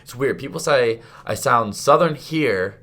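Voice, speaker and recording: Young host from maryland, mid-pitch, casual and sweary, telling stories between questions. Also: male voice, a little slow. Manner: chatty, swears freely, tells animated anecdotes. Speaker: podcast host. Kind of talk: casual interview chat.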